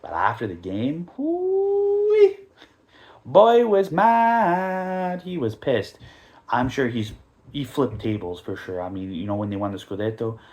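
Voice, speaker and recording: A man with a Canadian accent hosting a casual football podcast, ranting in an animated, joking, profane, rambling way. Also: fairly low pitch, normal speed, highs cut off. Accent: Canadian English. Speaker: podcast host.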